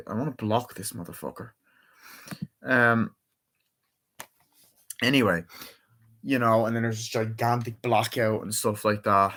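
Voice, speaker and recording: A man's voice: mid-range voice, a little slow, pauses often, fairly bright tone. A young man casually reviewing a movie, rambling with many fillers and swear words as he eagerly retells scenes. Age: young adult.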